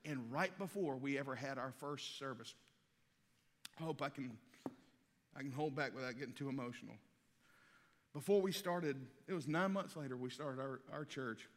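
A man preaching a sermon as a pastor, animated storytelling in which he acts out the other voices. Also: mid-range voice, brisk. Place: church auditorium. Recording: long reverb of a large hall.

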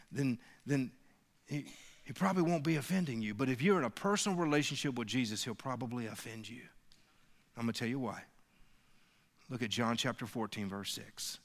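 A man preaching a sermon as pastor, building to emphatic peaks and calling on the congregation to answer back. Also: mid-range voice. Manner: call-and-response preaching, rising to emphatic peaks. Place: church sanctuary. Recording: reverberant hall.

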